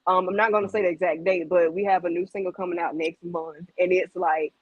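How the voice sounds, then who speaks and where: A young woman from Mississippi with a Southern accent, a guest singer chatting in an interview, bubbly and quick to laugh. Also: on the low side, no echo, lo-fi sound. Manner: bubbly, giggly, lively. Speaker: R&B group member, guest. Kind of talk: casual interview chat.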